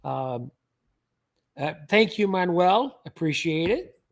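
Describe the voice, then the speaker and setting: A man's voice: a little high, animated, takes it slowly. A man hosting a livestream, chatting casually in a rambling way with frequent restarts. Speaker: livestream host.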